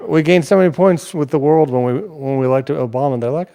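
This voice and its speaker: Male comedy host, gravelly voice, casual rambling banter. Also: on the high side, brisk, mellow. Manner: rambling, joking asides to the audience. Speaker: show host.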